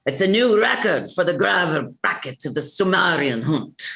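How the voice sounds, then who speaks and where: An actor voicing an announcer with an Irish accent, reading results in a slow, proclaiming way. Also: mid-range voice, lively intonation, creaky, pushed and bright, reverberant, heavily acted. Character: announcer Skahak reporting hunt results. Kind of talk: voice acting session reading lines.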